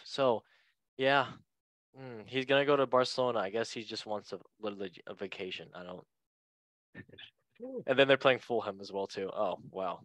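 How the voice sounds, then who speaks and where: A man's voice: lowish voice, a bit bright, dry recording. A man hosting a casual football podcast, joking and asking each guest for a word in turn. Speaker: podcast host. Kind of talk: casual chat.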